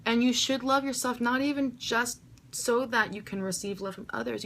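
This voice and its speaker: This vlogger, a young woman, speaks at a moderate pace in a fairly high, steady, and fairly bright voice, with a little hiss or hum in the background. Answering viewer questions on camera, she gets emotional, swears freely, and urges people to love themselves.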